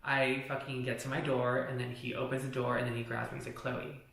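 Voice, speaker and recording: A man's voice: mid-range voice, level tone, quick pace, gravelly, a bit bright. A man vlogging a personal story in casual, rambling talk, swearing often and saying "like" a lot. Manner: profane, rambling, heavy use of "like". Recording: echoey room.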